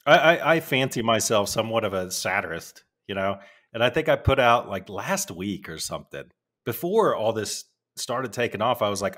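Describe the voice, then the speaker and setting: A man's voice: mid-range voice, big pitch swings, a little fast, a bit bright. A man co-hosting a podcast, telling jokey, sarcastic stories in casual chat. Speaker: podcast co-host.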